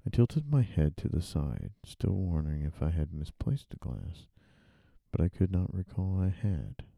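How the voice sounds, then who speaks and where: A man, an author, thinks aloud while drafting and typing in a dark room, muttering, rereading and correcting himself. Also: deep voice, big pitch swings, normal speed, creaky, no room sound.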